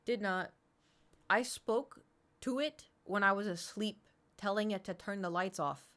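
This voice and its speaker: A woman's voice: mid-range voice, measured pace, fairly bright tone. A young adult woman streamer telling a long story in casual chat, rambling with lots of fillers and swearing.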